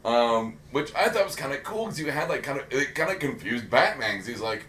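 A man's voice: medium pitch, lively intonation, fairly quick, hardly any pauses, a bit bright. A man co-hosting a casual pop-culture chat, rambling and swearing and poking fun at himself. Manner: rambling, profane, self-mocking. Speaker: podcast co-host. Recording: roomy echo with faint background hiss.

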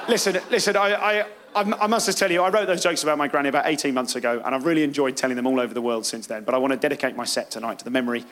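Lively, high-voiced British comedian. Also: male voice, noisy background. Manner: self-mocking, lively, acts out voices. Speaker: stand-up comedian. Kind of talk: live stand-up set. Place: comedy club stage.

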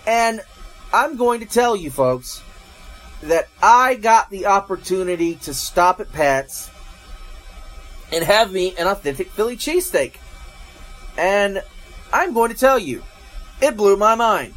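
A man's voice: high-pitched, expressive, measured pace, pauses often, a bit bright, faint music behind. A man from Georgia, hosting a casual food review and chatting to viewers as folks and guys. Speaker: food reviewer, show host.

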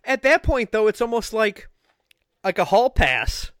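A man hosting a podcast in casual chat, joking and sarcastic, with loud exclamations. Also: high voice, very animated, unhurried, no room sound, studio quality. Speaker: podcast host.

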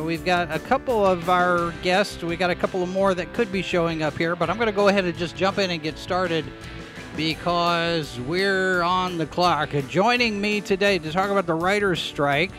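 Bright, brisk man hosting live. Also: sits high. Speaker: podcast host and editor. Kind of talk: live online talk show.

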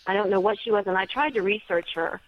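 A woman's voice: mid-range voice, fast talker. Chatty woman telling a strange story. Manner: chatty storyteller, many small restarts. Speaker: guest, paranormal story writer. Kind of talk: casual storytelling interview. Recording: dry, slightly dull lo-fi sound.

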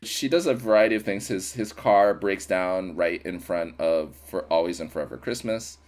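A man co-hosting a podcast, recapping a film in casual chat with wry, deadpan build-ups and laughter. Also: deep voice, moderate pace. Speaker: podcast co-host.

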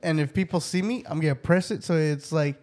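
A man's voice: a little high, fairly quick. A man in casual crude banter, telling stories with lots of laughter and profanity. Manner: storytelling, laughing, lively swings.

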